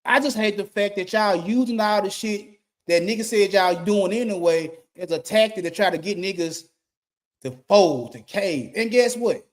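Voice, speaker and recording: A man's voice: sits high, moderate pace. A middle-aged man, a YouTube commentator giving a blunt, profane rant and repeating his points for emphasis. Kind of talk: ranting monologue.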